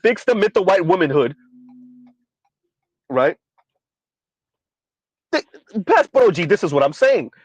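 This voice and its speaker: A man's voice: sits high, very animated, a little slow, pauses often, husky, dry recording, low-quality recording. A man ranting in a sardonic, exasperated commentary vlog, hammering his points by repeating them. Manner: sardonic, exasperated, repetitive emphasis. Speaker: commentary vlogger.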